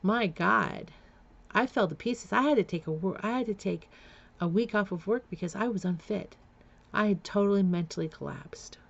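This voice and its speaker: A woman's voice: medium pitch, normal speed, vocal fry, highs cut off. A woman frankly telling a personal life story in a blunt, confessional way. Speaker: memoir storyteller.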